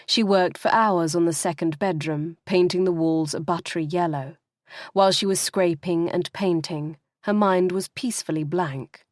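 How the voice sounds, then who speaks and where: In scripted narration for an audiobook, a woman reads in a measured, expressive manner. Her voice is lowish, and the studio-quality audio carries no room sound.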